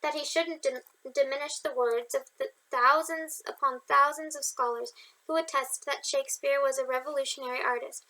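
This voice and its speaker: A woman reading the lines of a gentle young male artist in her storybook, soft and earnest, close to her own voice. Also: high voice, low-quality recording.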